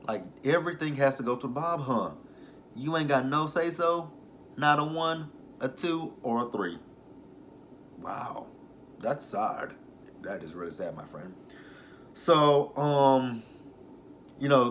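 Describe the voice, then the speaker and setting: A man's voice: mid-range voice, fairly bright tone. Male reviewer, casual and sassy, exasperated commentary, slight background noise. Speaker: TV episode reviewer.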